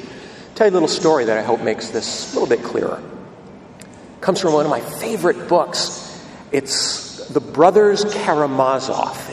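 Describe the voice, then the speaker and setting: A man's voice: on the high side, a little hiss or hum. A male priest preaching a sermon in a church, emphatic and storytelling. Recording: echoey hall from a distance.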